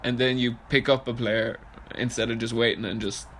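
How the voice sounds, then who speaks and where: A young man co-hosting a podcast, talking in loose, animated banter and swearing freely. His voice is bright and forward, with a faint hum of room noise behind it. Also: medium pitch, normal speed. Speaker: podcast co-host.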